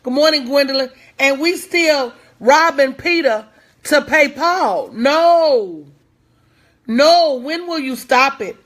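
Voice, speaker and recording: A woman's voice: high-pitched, lively intonation, slow pace. A woman giving a live-stream motivational talk, preaching with lots of repetition, urging viewers to respond and greeting them by name in a casual, folksy way. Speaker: motivational speaker.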